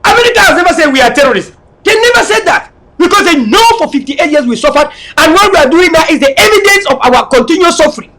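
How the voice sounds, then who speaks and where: Fiery middle-aged Cameroonian man, high bright voice, shouts his political speech. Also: lively intonation, fast. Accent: Cameroonian English. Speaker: political leader.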